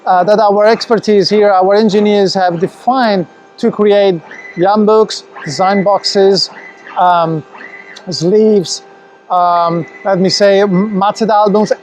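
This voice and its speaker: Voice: medium pitch, a little mellow. A company presenter leading a live product tour through a warehouse workshop, speaking with enthusiasm and often restarting phrases. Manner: enthusiastic, with frequent restarts and fillers. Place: large indoor warehouse workshop.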